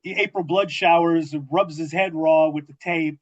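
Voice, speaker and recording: Male podcast host, higher voice, teasing conversational tone, slightly muffled sound. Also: steady tone, normal speed, no room sound. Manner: teasing, chatty interviewer. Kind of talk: casual interview chat.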